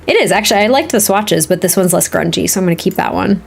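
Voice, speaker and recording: A woman's voice: medium pitch, animated, quick pace, gravelly, husky. Woman streaming a game build, talks to chat nonstop, rambly, giggles a lot. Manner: chatty, rambling, laughs often; talks to chat viewers, reads their comments. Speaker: live streamer.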